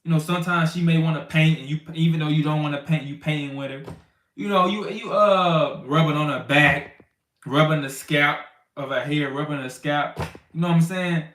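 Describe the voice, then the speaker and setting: A man's voice: on the high side, fairly even intonation, moderate pace, fairly bright tone. A man teaching scripture to the brothers in a loose, slangy, conversational way, acting out little scenes as he goes. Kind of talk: informal bible teaching. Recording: roomy sound from a distant mic.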